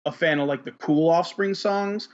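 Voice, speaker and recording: A man's voice: a little high, normal speed, lo-fi sound. A man hosting a podcast in casual chat, rambling with lots of fillers and cursing freely. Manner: rambling, heavy on fillers, profane. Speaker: podcast host.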